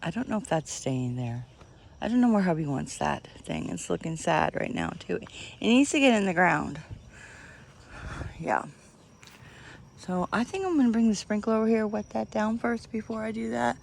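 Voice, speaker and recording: An animated woman with a gravelly, medium-pitched voice speaks at normal speed and pauses often, with slight background noise. She's a vlogger rambling and laughing through yard work outdoors, camera held close, and gets out of breath at times.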